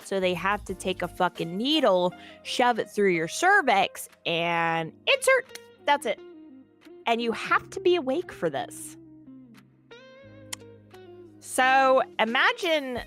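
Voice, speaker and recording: A woman's voice: a little high, takes it slowly, long pauses, faint music behind. Candid, foul-mouthed woman telling her story. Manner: profane, candid, animated. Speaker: interview guest. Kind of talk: casual storytelling.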